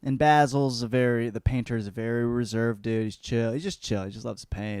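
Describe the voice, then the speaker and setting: A man rambles through a crude comedic book report, swearing freely as he talks. His voice sits at an ordinary pitch for a man. The sound is dry and close, with no room around it. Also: steady tone, brisk, few pauses, a little mellow, clean tone, no echo. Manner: profane, rambling, puts on voices for characters. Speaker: podcast host.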